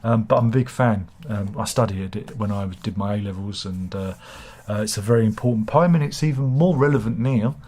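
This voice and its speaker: A man's voice: lowish voice, fairly quick, hardly any pauses, darkish tone. A man with a head cold, hosting a live chat show in a rambling, hesitant way, full of fillers and jokey asides while reading out viewer comments. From United Kingdom. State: has a cold, slight cough.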